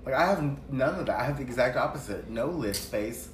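Animated chatty man in echoey room. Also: medium pitch, brisk. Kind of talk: casual chat while doing makeup. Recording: echoey room, distant mic, noisy background.

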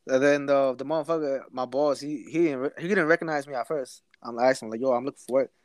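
A man's voice: medium pitch, steady tone, fast, dry recording. A young man casually telling a story to a friend, full of slang and swearing, laughing as he goes. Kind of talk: casual chat.

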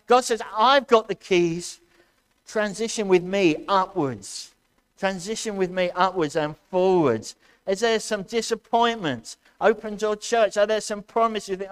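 A man's voice: high-pitched, a little slow, clean tone. Man preaching a fiery sermon. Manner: impassioned, loud preaching with sudden shouts; addresses congregation directly, asks questions. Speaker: pastor. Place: church.

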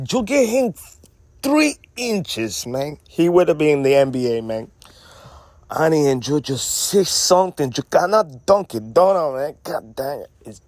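A man's voice: mid-range voice, dry recording. A man co-hosting a podcast, telling a story in casual, joking banter and repeating names as he goes. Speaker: podcast co-host.

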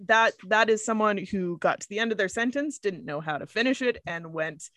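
A woman's voice: medium pitch, moderate pace, hardly any pauses, dry recording, clean studio sound. A woman, co-hosting a podcast in casual chat and laughing often as she tells stories. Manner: laughs often, animated storytelling. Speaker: podcast co-host.

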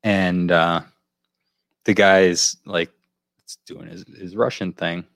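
A man co-hosts a podcast and tells a long, rambling story in casual chat. He keeps looping back to pick up the thread. His voice is very deep, and the sound is dry and close. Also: little pitch movement, slow, creaky, fairly bright tone, no echo. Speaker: podcast co-host.

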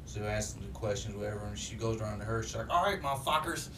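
A man in casual chat who tosses in blunt, crude remarks and quick impressions. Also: lowish voice, monotone, distant mic. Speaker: podcast co-host. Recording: off-mic with clear background noise.

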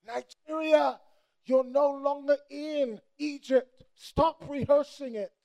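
Impassioned male preacher with a very high, gravelly voice; sermon delivery, sudden shouts. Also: fairly even intonation, takes it slowly, lo-fi sound. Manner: impassioned, bursts into shouts, mimics people.

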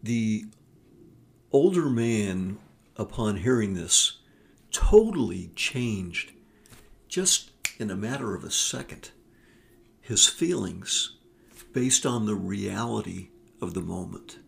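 Gravelly low-voiced man telling a story. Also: expressive, slow. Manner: earnest, with frequent fillers and restarts. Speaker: vlogger on forgiveness. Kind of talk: casual storytelling monologue.

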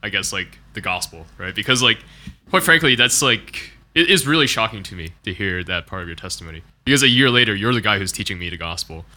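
A man's voice: on the low side, expressive, fast talker, bright, forceful tone. A young man interviewing a friend about faith, asking long rambling questions full of "like". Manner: rambling questions with many "like" fillers and laughs. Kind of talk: casual conversation about faith.

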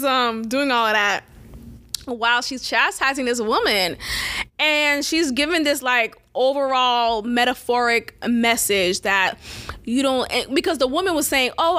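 A woman's voice: sits high, pushed and bright. A woman hosting a solo podcast, talking bluntly and animatedly, laughing and swearing as she goes. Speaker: podcast host. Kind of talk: casual solo podcast rant.

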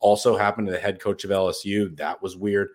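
A man's voice: fairly low pitch, level tone, brisk, a little mellow. A man co-hosting a sports betting podcast, talking in a brash, profane, hyped-up way. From United States. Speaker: podcast co-host. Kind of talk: casual sports betting chat.

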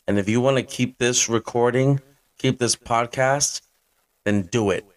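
A man's voice: mid-range voice, a little slow. A man in his twenties hosting a fantasy football podcast, ranting hyped-up and blunt, with some swearing. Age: 20s. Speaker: podcast host.

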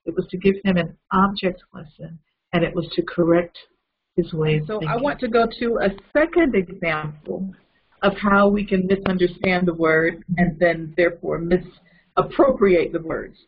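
A man's voice: high-pitched, normal speed, lo-fi sound, a little hiss or hum. Conversational man preaching a story. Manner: lively, conversational retelling with asides. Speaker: preacher teaching a Bible lesson. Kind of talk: storytelling sermon.

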